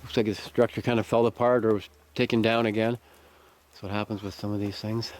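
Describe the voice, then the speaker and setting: A man's voice: fairly low pitch, flat delivery, a little fast, a little mellow, a little hiss or hum. A Canadian man with a Canadian accent, chatting casually by a campfire in the woods and laughing often. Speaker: channel host. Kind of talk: casual outdoor chat.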